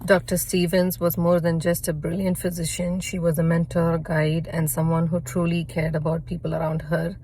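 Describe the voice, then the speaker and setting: A woman offers a grateful tribute to a late mentor in a lowish, level voice that barely rises or falls. Faint ambient noise sits behind her. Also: level tone, normal speed, few pauses, mellow. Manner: earnest, grateful. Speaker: colleague. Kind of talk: personal memorial tribute.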